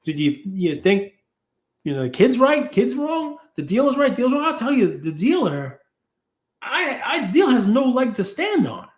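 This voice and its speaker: A man's voice: extremely high pitch, normal speed, roomy sound. A man hosting a podcast, telling a story casually and acting out the people in it. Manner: animated, acts out quoted people. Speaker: podcast host.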